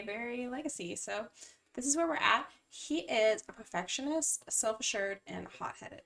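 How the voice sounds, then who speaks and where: A woman chatting through a life-sim game as a bubbly channel host, often correcting herself mid-sentence. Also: medium pitch. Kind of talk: casual game commentary. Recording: voice distant from the mic, faint music.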